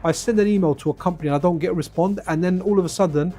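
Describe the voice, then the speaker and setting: A man's voice: sits high, rapid-fire, dark tone, faint music behind. A man chatting casually to his viewers on a live stream while playing retro games, wandering off into side stories and addressing chat by name.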